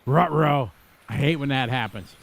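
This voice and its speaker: A man's voice: mid-range voice, normal speed, gravelly. A middle-aged man from Wisconsin giving live, chatty commentary on a radio-controlled car race, rambling into asides between calls.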